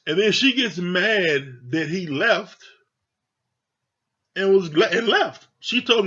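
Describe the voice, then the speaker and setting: A man rants through his review of a reality TV show in a fairly high voice, blunt and heavy on profanity. His delivery is casual and heated, like a vlogger venting to his viewers. The recording sounds dull and lo-fi. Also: animated, slow pace, sharp tone, breathy edge.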